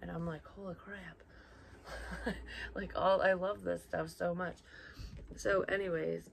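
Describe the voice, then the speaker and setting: A middle-aged woman tells a story in a low, gravelly voice, chatty and rambling, swearing freely as she goes. She sounds like she is recording at home on a built-in mic, with a faint hiss in the background and a lo-fi edge. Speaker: psychic medium vlogger. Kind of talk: casual storytelling. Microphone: built-in mic, external microphone not plugged in.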